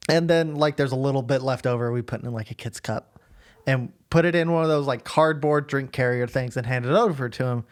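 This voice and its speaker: A man's voice: medium pitch, brisk. A young man telling a story on a casual podcast, acting out the people in it and laughing along. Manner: animated, acts out quoted customers with laughs. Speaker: podcast guest.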